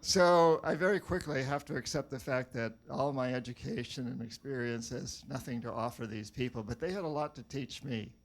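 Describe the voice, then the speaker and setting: Older male author, from New Hampshire, middle pitch, wry anecdotal storyteller who stumbles and repeats words. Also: normal speed, hardly any pauses. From New Hampshire, USA. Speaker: author giving a talk. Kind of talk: storytelling talk to a live audience.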